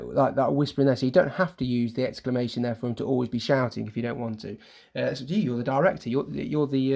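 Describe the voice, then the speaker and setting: Young male teacher with a gravelly edge, talking through a recorded lesson, informal and full of ums. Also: medium pitch, warm tone. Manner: hesitant, many ums and self-corrections, chatty and informal. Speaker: primary school teacher.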